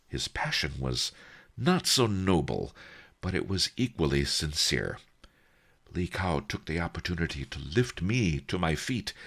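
A man giving an expressive first-person audiobook narration. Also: extremely low pitch, vocal fry, slightly rough.

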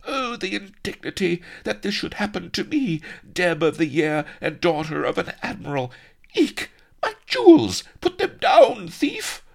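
A man voicing a pampered young debutante woman in a squealing, melodramatic falsetto, in a storybook reading. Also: normal speed, gravelly, few pauses, a bit bright. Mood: outraged wailing.

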